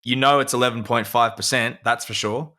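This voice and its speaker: A man's voice: medium pitch, fairly even intonation, a little fast, sharp tone. A man, co-hosting a podcast and chatting casually while reviewing a beer with enthusiasm. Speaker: podcast co-host. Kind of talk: casual chat.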